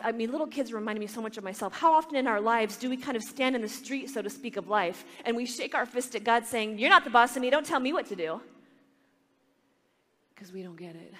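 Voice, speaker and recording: A religious sister giving a talk, telling stories with animation and acting out the voices of children. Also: female voice, medium pitch, big-room sound. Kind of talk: storytelling talk to a retreat audience.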